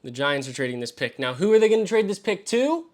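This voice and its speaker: A man hosting a live stream as he works through a mock draft, talking to himself and swearing freely. He swings between exasperated yelps and low mutters. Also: very animated, fast talker. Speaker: fantasy football show host. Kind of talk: live-streamed solo commentary.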